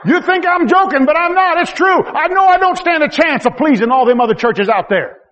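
A man preaching a sermon in a folksy, self-deprecating way, with rhetorical questions, swinging from loud, high exhortation to quiet, low asides. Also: lively intonation, brisk, dull audio.

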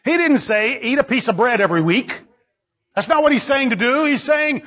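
Male preacher, high raspy voice, hammering points home in a muffled sermon recording. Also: lively intonation, moderate pace, pushed and bright. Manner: emphatic, repeats phrases for stress.

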